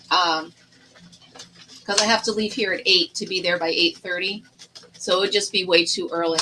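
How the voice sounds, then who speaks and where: A woman's voice: lowish voice, steady tone, moderate pace, noisy background. A middle-aged woman hosting a casual live chat stream, telling stories in a chatty way and laughing often.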